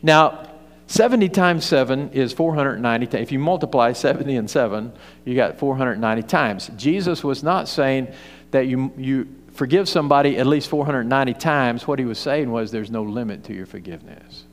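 A man's voice: mid-range voice, moderate pace. A male pastor preaching a sermon in an emphatic, repetitive storytelling way, heard in a church hall. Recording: reverberant hall.

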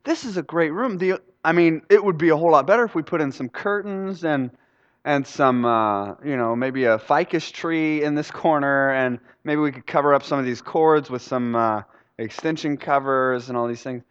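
A man's voice: a little high, normal speed, clean tone, natural voice. A man voicing an oblivious, chatty male interior designer who rambles breezily, in an echoey hall. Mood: breezy. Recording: echoey hall, dull sound.

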